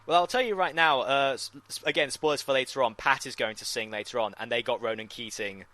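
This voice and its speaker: A young man with a bright, forward voice and a dry, close sound, chatting his way through a film commentary. He teases his co-host playfully and jumps into sudden excited outbursts. The pitch sits at an ordinary middle level. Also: dry recording. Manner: playful, teasing, quick bursts of enthusiasm. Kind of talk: casual film commentary chat.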